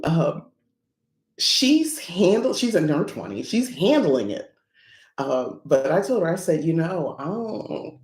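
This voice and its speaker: Middle-aged woman with a gravelly voice. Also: low-pitched, darkish tone, reverberant. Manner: chatty storytelling, acts out quoted voices. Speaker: podcast host. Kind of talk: casual chat.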